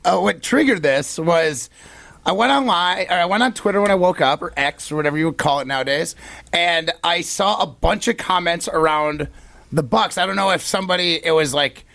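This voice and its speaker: A male radio co-host with a fairly high voice, talking in a relaxed, offhand way with dry jokes. The studio sound is close and dry, with no room echo. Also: fairly quick, vocal fry. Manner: laid-back, dry humor. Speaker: radio co-host, Olympic curler. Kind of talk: casual sports radio banter.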